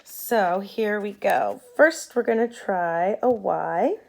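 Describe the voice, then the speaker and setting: A woman teacher giving a patient phonics lesson to young students, modeling sounds clearly for them to repeat. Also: mid-range voice, slow.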